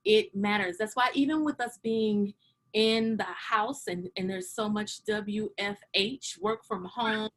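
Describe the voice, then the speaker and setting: A woman's voice: mid-range voice, measured pace. A woman hosting an interview, chatting casually and emphatically agreeing with her guest. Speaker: host.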